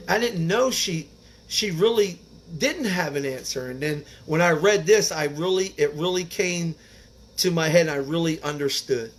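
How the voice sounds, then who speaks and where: A man's voice: a little high, normal speed. A man reading a recovery text aloud and breaking off into earnest personal commentary, talking casually and dropping in "man" and "like". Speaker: recovery speaker reading the Big Book.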